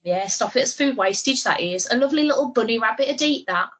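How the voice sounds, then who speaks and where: Brief: chatty woman podcast co-host, breathy, husky tone, laughs easily. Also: on the high side, animated, fast talker, fairly bright tone, rough recording. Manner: giggly, chatty, rambling. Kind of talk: casual chat.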